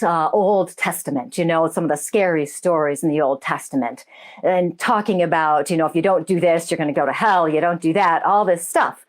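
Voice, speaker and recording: Chatty woman hosting a spiritual show. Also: fairly low pitch. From United States. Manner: chatty, greets viewers by name, laughs easily. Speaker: radio show host, medium and life coach. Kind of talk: casual spiritual talk to a live audience.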